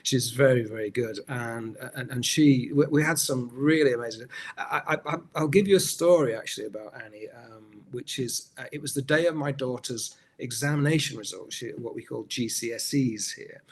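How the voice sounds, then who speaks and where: A middle-aged man, an actor as a guest, telling stories in a relaxed interview, often restarting his sentences. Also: medium pitch, normal speed, hardly any pauses. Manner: rambling storyteller, many restarts. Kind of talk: anecdotal interview chat.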